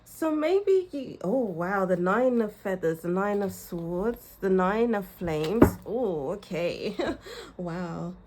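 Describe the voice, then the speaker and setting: A young woman reading tarot for her viewers in a casual, musing way, often searching for words and laughing softly. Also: medium pitch, slow, slight background noise. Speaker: tarot reader.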